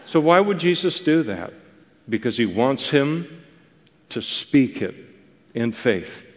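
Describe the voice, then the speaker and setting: A man explains a Bible passage in a loose, conversational manner, stumbling over restarts and fillers. His voice sits at an ordinary middle pitch. The sound carries a long reverb, as if in a large hall. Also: expressive, takes it slowly. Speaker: Bible teacher. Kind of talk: expository Bible teaching.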